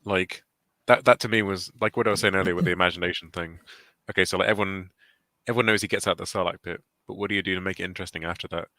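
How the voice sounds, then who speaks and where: Male podcast co-host, very low but crisp-toned, hesitant chatter, dry room. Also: steady tone, sharp tone, dry recording. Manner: hesitant, lots of fillers and restarts, quick. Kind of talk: casual chat.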